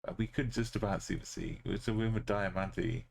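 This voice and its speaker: A man's voice: low voice, a little fast, creaky, slightly rough. A male streamer giving live commentary on a game, thinking aloud and musing with trailing fillers as he goes.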